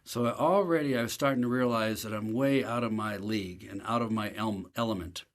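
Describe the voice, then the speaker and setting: A man's voice: fairly low pitch, a little fast. A man, a professor being interviewed as the guest, telling a self-deprecating story in an easy, anecdotal way.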